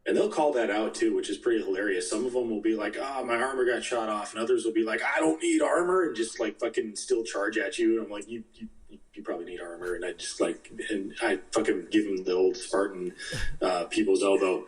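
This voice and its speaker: A man co-hosting a podcast in casual gaming chat, rambling quickly and swearing. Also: on the low side, recorded from a distance, low-quality recording. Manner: fast rambling, laid-back, swearing. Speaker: podcast co-host.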